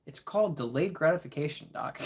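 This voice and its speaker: A man's voice: a little high, animated, brisk, slightly rough. A tired man casually chatting with his live-stream audience, chuckling and rambling as he reads the chat. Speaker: disc golf livestreamer reading chat.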